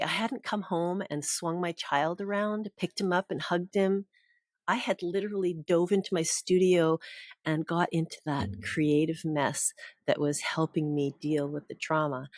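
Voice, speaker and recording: A woman with a low voice tells a personal story as a podcast guest. Her delivery is earnest and emotional. The recording is dry, with no room sound. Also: dry recording.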